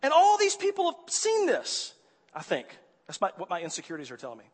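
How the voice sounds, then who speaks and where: A man preaching a sermon, telling a personal story with animated swings from quiet to loud exasperation. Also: high-pitched, brisk, slightly rough. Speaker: pastor. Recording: hall reverb.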